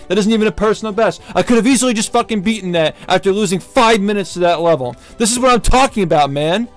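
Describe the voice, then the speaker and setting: Streamer rant: man, high voice, furious, constant swearing, repeats every complaint. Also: lively intonation, quick pace, few pauses, soft background music. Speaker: speedrunner streamer. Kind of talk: angry rant while live-streaming a game.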